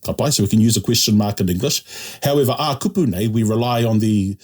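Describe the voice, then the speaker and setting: A man's voice: lowish voice, fast talker, darkish tone. A man tutoring a language lesson, explaining patiently step by step and checking in often.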